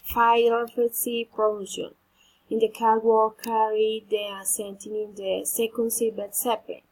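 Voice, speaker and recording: Woman, English pronunciation lesson, slow deliberate delivery, slightly husky voice. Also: fairly high pitch, level tone, a little mellow, poor audio. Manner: slow, deliberate, stressing each drilled word. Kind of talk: slow instructional drilling of word stress.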